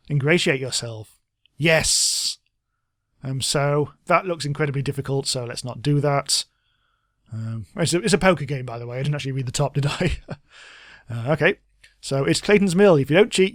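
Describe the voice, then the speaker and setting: A man's voice: on the high side, no echo, studio quality. A man giving casual, chatty gameplay commentary, reading game text aloud and laughing often. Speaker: let's play host.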